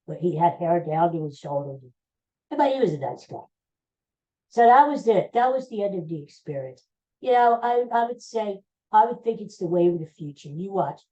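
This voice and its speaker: Mellow-voiced man rambling through a story. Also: high voice. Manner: chatty, rambling, self-interrupting. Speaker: podcast host. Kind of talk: casual storytelling monologue. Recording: dull lo-fi recording.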